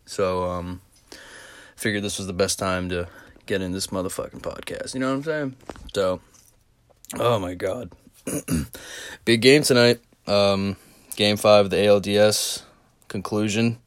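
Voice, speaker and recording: A man's voice: fairly low pitch, steady tone, measured pace, pauses often, clean tone, dry recording. A young adult man hosting a solo podcast, rambling and swearing freely in a groggy, just-woken-up voice. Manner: crude, profane, rambling storytelling. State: groggy, just woke from a nap. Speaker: podcast host. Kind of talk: casual solo podcast rant.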